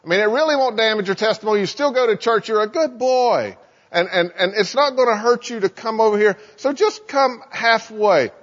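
Wheedling male tempter devil, flattering and coaxing, played by a male preacher. Sounds high and lifted, in an echoey hall. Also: fairly quick, lo-fi sound. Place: church sanctuary.

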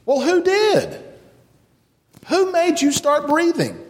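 A man's voice: very high voice, huge pitch swings, slow, long reverb tail. A man giving a children's message in church, asking children playful questions and leading a prayer. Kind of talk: children's sermon. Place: church sanctuary.

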